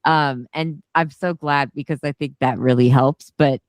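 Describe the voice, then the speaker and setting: A man co-hosting a podcast, chatting casually about a movie, cursing often and jumping up in pitch when excited. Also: moderate pace, no room sound, studio quality. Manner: animated, swears often, big pitch jumps when excited. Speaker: podcast co-host. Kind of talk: casual movie review chat.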